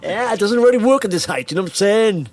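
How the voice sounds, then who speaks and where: High-voiced jokey podcast host. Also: male voice, animated, soft background music. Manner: chatty and jokey, quick restarts. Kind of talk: casual chat.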